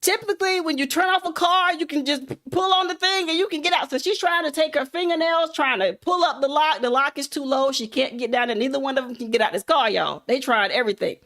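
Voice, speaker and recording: Brisk and barely pausing, this motivational speaker and content creator talks in a high-pitched, fairly bright voice. She shares a casual, folksy story aimed directly at her audience, whom she addresses as y'all.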